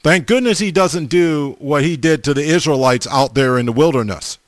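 Fortysomething guy preaching, a bit high voiced, stops and restarts a lot, dry close mic. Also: moderate pace, no room sound. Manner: repeats a name for the audience, stammering restarts, emphatic. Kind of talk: sermon.

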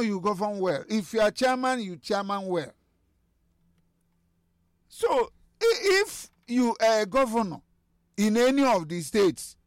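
A man speaking as a guest on a radio talk show, halting with restarts, then pressing emphatic questions. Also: extremely high pitch, no echo, studio quality. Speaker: studio guest.

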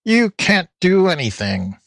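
Man playing sneaky old fox, a bit higher voice, snickering, slow drawl, storybook villain. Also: big pitch swings, vocal fry, fairly bright tone, dry recording, clean studio sound, full character voice. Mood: sly. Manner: snickering, howling threats. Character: bad sly old fox, male. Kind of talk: storybook reading.

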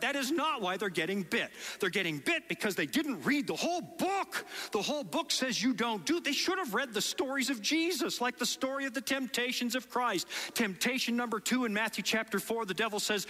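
Man, Dutch accent, sermon, middle-aged, higher pitch, reverberant hall. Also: fairly quick, few pauses. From Netherlands. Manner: animated storytelling with acted quotes. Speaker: preacher. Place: large hall before a congregation.

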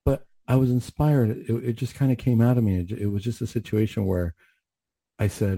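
A man's voice: lowish voice, steady tone, moderate pace, dark tone, no echo. A man telling a story from his work in mental health, earnest and reflective, acting out his own questions. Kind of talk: storytelling monologue, faith-based talk show.

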